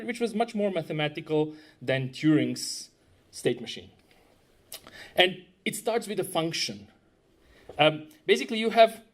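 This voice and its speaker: A man presenting a technical conference talk, conversational and self-deprecating, often asking the audience questions. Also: on the high side. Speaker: conference speaker, web developer.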